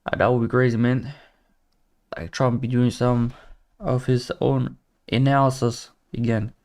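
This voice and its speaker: Smooth-voiced man chatting with a livestream. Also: mid-range voice, level tone, unhurried, a little mellow. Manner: loose and friendly, many "like" fillers, calls viewers brother. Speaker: livestream trading host. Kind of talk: casual livestream chat, reading viewer comments.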